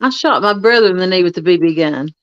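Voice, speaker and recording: A woman's voice: fairly low pitch, expressive, quick pace, no echo. A woman joins a casual chat and tells a short story in a plain, wry way. Her voice comes through dull and lo-fi, with a dry sound and no room around it.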